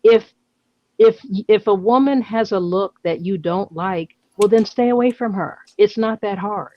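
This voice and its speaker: A woman's voice: medium pitch, a little slow. A woman with a New York accent in casual chat, talking emphatically and repeating words when she gets going. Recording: dull lo-fi sound.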